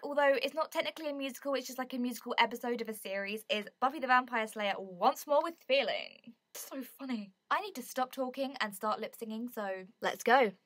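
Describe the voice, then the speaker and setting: Young British woman vlogger, excitable and effusive, bright voice on the high side. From Britain. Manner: excitable, gushing, bursts into song. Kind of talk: casual chat to camera.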